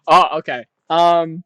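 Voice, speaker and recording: A man's voice: a little high, highs cut off. A young man co-hosting a podcast, chuckling and teasing, stumbling over words as he reads out a plot summary. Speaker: podcast co-host. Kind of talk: casual banter and reading a plot summary.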